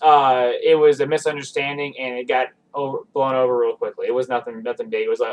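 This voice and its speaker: A man's voice: medium pitch, brisk, few pauses, distant mic, rough recording. Podcast guest, male, rambling self-deprecating storyteller, sounding slightly off-mic. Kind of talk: casual storytelling.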